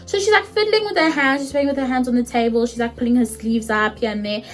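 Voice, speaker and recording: A vlogger in her twenties with a South African accent tells a story in a chatty, animated, casual way, swearing freely. Her voice sits a little high and she talks fast.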